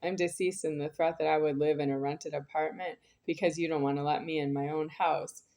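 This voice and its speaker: A woman's voice: sits low, steady tone, fairly quick, dark tone. A woman talking in a rambling spoken monologue, insistent and circling back over the same phrases.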